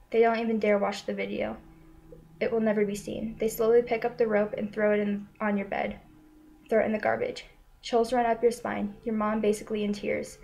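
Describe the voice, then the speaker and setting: A woman telling a story in a slow, solemn, steady manner, returning again and again to the same short lines. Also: mid-range voice, creaky, poor audio. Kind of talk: spoken second-person narration.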